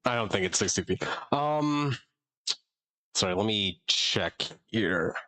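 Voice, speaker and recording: Bright-voiced young man running a tabletop game. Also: lowish voice, animated. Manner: chatty, laughing, halting with fillers. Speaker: dungeon master.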